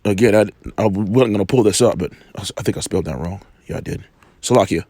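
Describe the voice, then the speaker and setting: A man's voice: on the low side, fast, dark tone, no room sound. A man with a cold, casually teaching scripture, rambling with many restarts and rhetorical questions. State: has a cold, coughing. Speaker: religious teacher.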